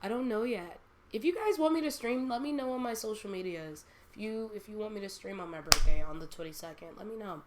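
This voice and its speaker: A woman's voice: medium pitch, fast talker, background noise. A young woman hosting a casual podcast chat, rambling and laughing often. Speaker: streamer and podcast host.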